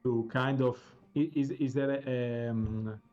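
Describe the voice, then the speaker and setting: A man's voice: mid-range voice, steady tone, takes it slowly, a little mellow, muffled recording, faint music behind. A man playing a tabletop game over an online call, talking through his moves in a tentative way with frequent restarts. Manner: tentative, restarting phrases while planning moves. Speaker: player. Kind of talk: casual game talk.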